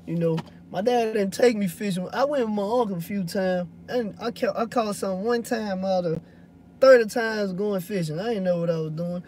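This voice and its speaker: A man's voice: high-pitched, moderate pace, a little mellow, slight background noise. A man, a hotshot truck driver chatting loosely to viewers in a rambling, swearing way. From Louisiana. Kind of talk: casual vlog chat answering viewers.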